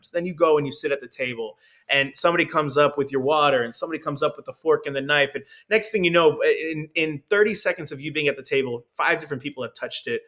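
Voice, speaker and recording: A man's voice: a little high, quick pace, few pauses. Chatty young man telling a story. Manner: animated, filler-heavy, laughs often. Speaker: restaurant owner guest. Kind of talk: casual podcast storytelling.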